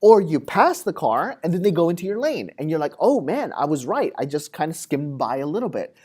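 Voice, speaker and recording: Animated man lecturing with a mellow voice. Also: a little high, a little fast, breathy edge. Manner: animated, acts out everyday scenarios in quoted voices; conversational with frequent fillers. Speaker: psychology lecturer. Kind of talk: classroom lecture.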